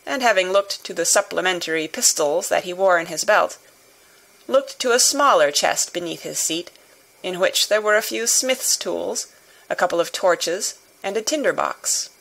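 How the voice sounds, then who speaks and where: A woman narrating a classic novel in a measured, even storytelling manner. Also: on the low side, gravelly, rough recording. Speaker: audiobook narrator.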